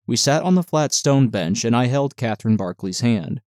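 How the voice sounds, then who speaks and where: A man's voice: medium pitch, lively intonation, normal speed, a little mellow, dry recording. Man reading a novel aloud, dry close voice. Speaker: audiobook narrator.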